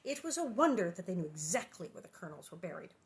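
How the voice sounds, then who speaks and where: A woman's voice: fairly low pitch, big pitch swings, fast talker. Bubbly woman reading a storybook aloud. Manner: gushing, giggly, enthusiastic. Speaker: actress reading a children's book. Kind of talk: storybook reading with chatty asides.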